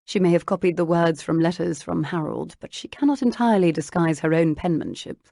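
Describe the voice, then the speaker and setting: A woman's voice: lowish voice, a little fast, creaky, warm tone, dry recording, studio quality. Woman voicing an earnest bookish young lady. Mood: focused. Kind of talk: audiobook narration.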